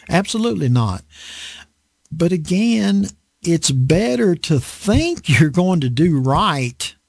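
A man's voice: high-pitched, dry recording. A man preaching a conversational Bible sermon in a dry indoor room, self-deprecating and acting out voices as he teaches.

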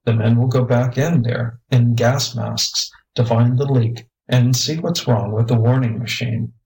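Brisk, commanding chief engineer of a mine, as a male audiobook narrator reads him, steady and matter-of-fact. He gives short orders in an even, plain voice, neither high nor low. A storybook figure who keeps calm. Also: gravelly, rough recording.

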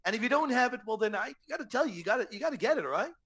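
Animated, bright-voiced male radio host. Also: very high-pitched, very fast, breathy edge. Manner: energetic, emphatic, slangy shout-outs to listeners. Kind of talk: live Catholic apologetics radio talk.

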